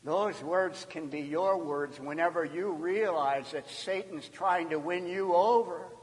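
A man preaching a sermon as a pastor, emphatic, his voice swinging between loud and hushed. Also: fairly high pitch, measured pace, long reverb tail.

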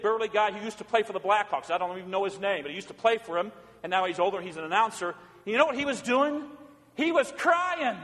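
A man preaching a sermon, swinging between loud pleading questions and hushed, low passages. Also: in a large hall. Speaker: pastor. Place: church sanctuary.

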